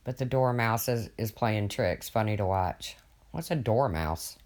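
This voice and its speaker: A man's voice: on the low side, lively intonation, unhurried, darkish tone. Rambling older man chatting on a livestream. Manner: rambling, folksy, swears casually. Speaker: livestream host. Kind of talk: casual livestream chat, reading viewer comments.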